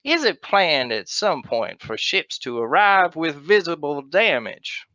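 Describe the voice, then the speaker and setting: A man putting on a slow drawling Texan. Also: fairly high pitch, sing-song, sharp tone, dry recording, lo-fi sound, voice pushed up, full character voice. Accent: Texan, put on.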